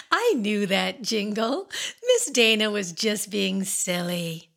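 A woman hosting a children's radio show, talking playfully and singing slowly to small kids. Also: mid-range voice, gravelly. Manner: slow, sing-song, animated talk to kids.

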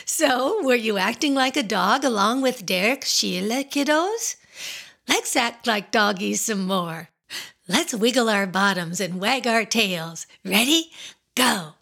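A woman's voice: fairly high pitch, animated, measured pace, gravelly, sharp tone. A woman hosting a children's show, talking playfully and encouragingly to young kids in a silly, sing-song way.

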